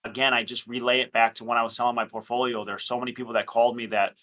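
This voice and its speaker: A man with a bright, forceful voice talking shop on a casual group call. He is animated and slips into quick impressions of callers as he talks. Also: mid-range voice. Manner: animated, acts out phone calls in quick voices. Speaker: real estate investor.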